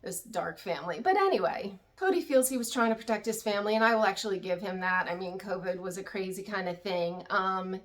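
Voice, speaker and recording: A woman's voice: medium pitch, fairly quick, hardly any pauses. A woman hosting a YouTube recap channel, chatting candidly and with opinions about a reality TV show. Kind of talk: casual chat.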